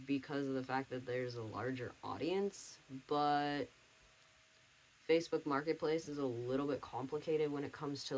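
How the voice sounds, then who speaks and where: A young man talks through a relaxed life-update vlog from home, wandering from thought to thought with plenty of fillers and false starts. His voice sits at a middling pitch, with a faint hiss underneath. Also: low-quality recording. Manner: rambling, many fillers and restarts. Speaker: vlogger.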